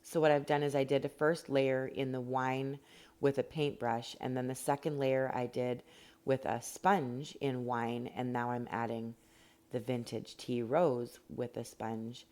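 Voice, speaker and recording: Her voice rumbles low with a flat, unhurried and slightly mellow delivery. She's a rock painting instructor from Canada giving a casual tutorial at home, chatty, rambling and filler-heavy.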